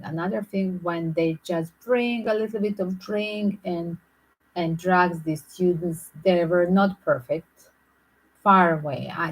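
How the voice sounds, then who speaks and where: Slow, husky-voiced woman musing aloud. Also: lowish voice, a little mellow, low-quality recording. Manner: halting, repeats and restarts phrases. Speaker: channel host. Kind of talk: speculative true-crime commentary.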